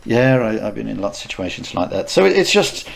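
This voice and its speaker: A man, co-hosting a podcast, telling stories in a casual, animated way. He stammers on restarts and laughs often. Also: fairly low pitch, a little fast, gravelly, husky. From United Kingdom. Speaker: podcast co-host, martial arts instructor. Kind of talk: casual anecdotal chat.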